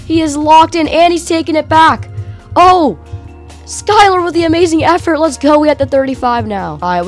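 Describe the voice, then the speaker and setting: A woman giving casual, excitable gameplay commentary, cheering and shouting at plays with a slightly strained voice. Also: sits high. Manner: casual slang. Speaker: gaming channel host.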